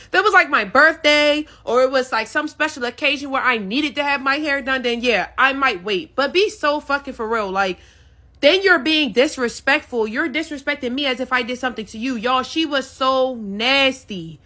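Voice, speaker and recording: High bright exasperated woman ranting. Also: expressive, brisk. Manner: exasperated, profane, addresses viewers as y'all. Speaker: storyteller recounting a salon dispute. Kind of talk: casual storytime rant.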